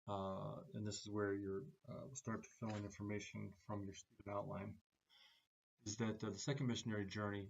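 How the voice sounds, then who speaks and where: Gravelly, flat-voiced man lecturing haltingly. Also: on the low side, muffled recording. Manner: halting, many "uh" fillers between phrases. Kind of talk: recorded class lecture.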